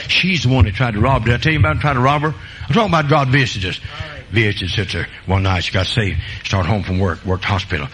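A man preaching a sermon and telling folksy country stories, jumping between loud high bursts and low quiet asides. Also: slight background noise, rough recording.

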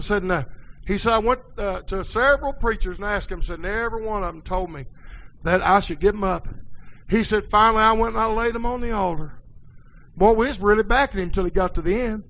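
A man preaching a folksy sermon in a church, dropping quiet and then rising to hollering. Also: high-pitched, poor audio.

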